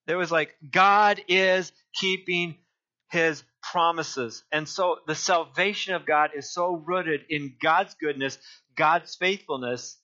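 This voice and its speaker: A male pastor preaching a sermon, deliberate and often repeating and restarting his phrases. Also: on the high side, pushed and bright, lo-fi sound.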